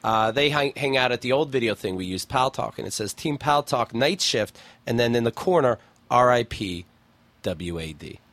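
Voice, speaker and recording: A man's voice: medium pitch, lively intonation, normal speed, fairly bright tone, dry recording. A man hosting a podcast, chatting casually and reading forum posts aloud in a wry, blunt way, swearing freely. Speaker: podcast host.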